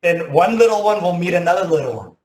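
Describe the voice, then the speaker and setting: A man in his thirties telling a personal story as a motivational talk, animated, often saying "like", with loud bursts at dramatic moments. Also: sits high, quick pace. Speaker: teacher giving a motivational talk. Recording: echoey room.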